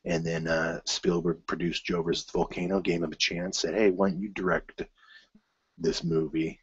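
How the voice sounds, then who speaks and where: A man hosting his own film news show, rambling casually with many fillers and restarts and bursts of excitement. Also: low-pitched, moderate pace, husky, no room sound, highs cut off.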